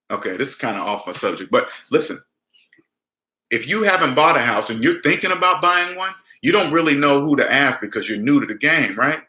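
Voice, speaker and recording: A man's voice: mid-range voice, bright, forceful tone, roomy sound. A man giving casual, emphatic advice on money and mortgages, repeating points and coaching the listener directly. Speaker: personal finance vlogger.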